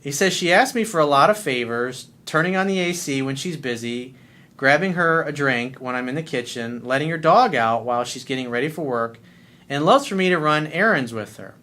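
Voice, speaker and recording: A man's voice: on the high side, animated, a little fast, pushed and bright. A man working as a dating coach, answering a listener's letter in a blunt, profane way and acting out little scenes.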